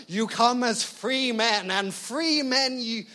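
A defiant rebel leader, as a preacher puts him on, shouts to his army in an attempted Scottish accent. His voice is loud and slow, like a battle cry. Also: very high-pitched, pitched above the performer's own voice, full character voice.

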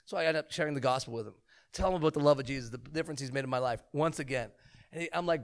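A man in his thirties telling a humorous testimony story as a preacher, animated and joking. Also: a little high, racing. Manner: animated, joking, acts out quotes.

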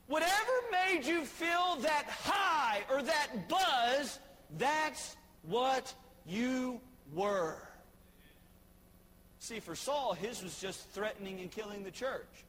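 High-voiced preacher shouting in a hall. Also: male voice. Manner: animated, swinging from shouting to quiet asides. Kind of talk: sermon. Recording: long hall reverb, faint noise.

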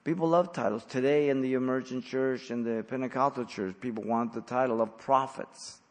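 A man preaching an expository sermon as pastor, blunt and emphatic, with sudden loud stresses. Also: medium pitch, steady tone, moderate pace, few pauses, long reverb tail.

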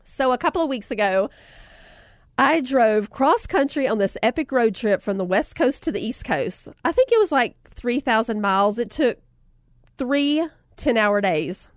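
At a normal speed, a woman with a Southern drawl and a somewhat high voice offers motivational life lessons, weaving lively personal tales and laughing between lines. She frequently speaks to listeners as "y'all," captured in dry, close sound with barely any echo.

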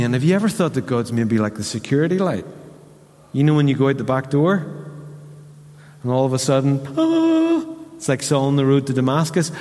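Northern Irish pastor preaching in a hall. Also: male voice, medium pitch. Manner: storytelling, animated quoting of voices. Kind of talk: sermon. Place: church hall. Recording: reverberant church hall.

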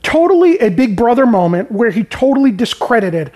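A man with a high-pitched voice gives an informal sermon. He retells scripture in plain, everyday terms. He keeps checking in with his listeners. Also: sing-song, brisk, a little mellow. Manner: informal, peppered with "right?" and "man". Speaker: preacher. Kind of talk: conversational sermon.

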